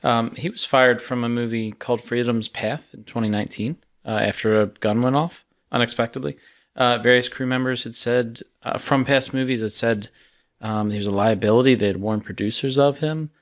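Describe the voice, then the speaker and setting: A man co-hosting a casual podcast discussion, speaking in a measured way with many "uh" and "um" fillers. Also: medium pitch, fairly even intonation. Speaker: podcast co-host.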